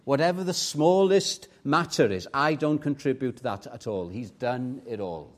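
A man preaching a sermon in church with fervent emphasis, swinging from soft asides to loud, emphatic peaks. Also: medium pitch, animated, measured pace. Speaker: pastor.

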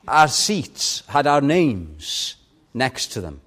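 Slow, lively older male preacher. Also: mid-range voice, breathy edge. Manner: impassioned preaching, swelling and dropping for emphasis. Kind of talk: sermon.

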